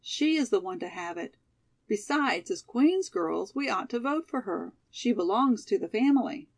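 Brief: earnest, loyal schoolgirl, easily embarrassed, voiced by a woman reader with a little fry. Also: a little high, animated, moderate pace. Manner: embarrassed, loyal, sometimes hot. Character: earnest, modest young college girl Molly.

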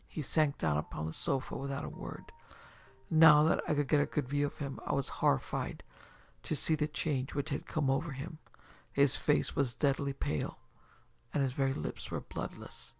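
A man narrating a story in a steady, measured reading voice, with a gravelly quality. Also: on the high side. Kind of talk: scripted audiobook narration. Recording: slightly muffled with faint music.

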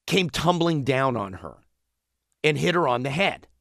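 A man's voice: medium pitch, big pitch swings, measured pace, gravelly, fairly bright tone, dry recording, studio quality. A man co-hosting a talk show, casually retelling a news story in a rambling way with frequent chuckles. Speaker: radio show co-host.

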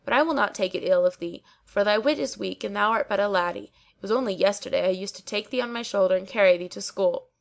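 A woman's voice: mid-range voice, fast talker, vocal fry, hardly any pauses, lightly acted. A woman voicing a garrulous, pompous old male barber who talks on and on, full of pious sayings. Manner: long-winded, pious, quoting sayings.

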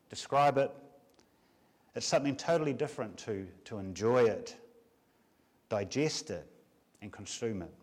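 A man, a pastor, preaching a Sunday afternoon sermon with measured emphasis and many rhetorical questions. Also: mid-range voice, a little mellow.

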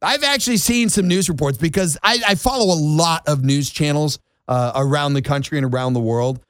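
A man's voice: a little high, a little fast, fairly bright tone, no echo, clean studio sound. A man who grew up in New England, hosting a talk show and ranting in an exasperated, mocking way. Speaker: radio show host. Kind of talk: opinionated monologue. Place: Florida.

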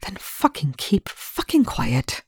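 A reader voicing an older male scientist who speaks low, hushed and clipped. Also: huge pitch swings, takes it slowly, breathy edge, no echo, studio quality, full character voice. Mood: irritated. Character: older male scientist, cold, curt, arrogant.

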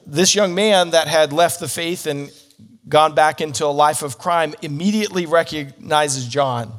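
A man teaching the Bible as a sermon, telling a story earnestly with slips and restarts. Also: fairly high pitch.

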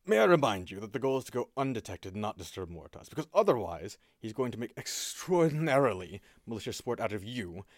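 A man's voice: on the low side, expressive, moderate pace, long pauses, no echo. A man voicing a secretive, sardonic male spymaster who talks in dry, long-winded warnings.

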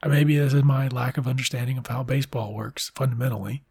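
Male podcast host, gravelly and husky, sarcastic and profane, rambling recap with quick asides. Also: medium pitch, fairly even intonation, darkish tone, no echo, clean studio sound. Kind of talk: profane comedic book recap.

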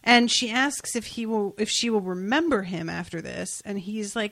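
A woman's voice: medium pitch, normal speed, a bit bright. A woman co-hosting a casual podcast, retelling a comic story and quoting its characters, often laughing. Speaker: podcast co-host. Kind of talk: casual chat recapping a comic.

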